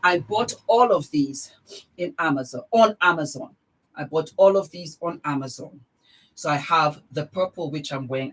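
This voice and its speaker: A middle-aged woman with a deep voice vlogs a casual beauty product demo, gushing with exuberance and repeating her words of praise. The recording quality is rough.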